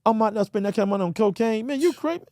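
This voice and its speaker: A man's voice: sits high, animated, racing, dark tone, dry recording, clean studio sound. A man as a podcast guest, telling his personal story with emotion and often calling the host "man" and "brother".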